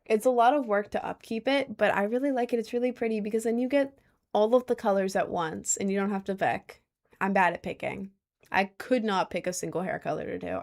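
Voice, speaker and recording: A young woman casually chatting on a livestream at home, answering chat in slangy, rambling talk. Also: medium pitch. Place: indoors at home, seated in a chair.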